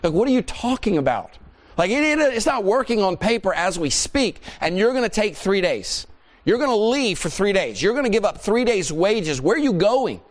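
A man's voice: sits high, very animated, moderate pace, voice pushed up. A man voicing an exasperated wife who pleads and questions incredulously about unpaid bills.

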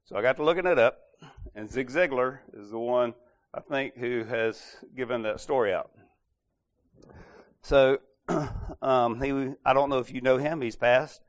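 A folksy man spins a workplace anecdote in a relaxed, conversational way. His voice sits in an ordinary middle range, and he keeps clearing his throat between phrases. He slips into the characters' words as he goes. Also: mid-range voice, a little slow, pauses often. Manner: folksy, clears throat often, acts out quoted lines. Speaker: speaker retelling an anecdote. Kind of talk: casual storytelling talk.

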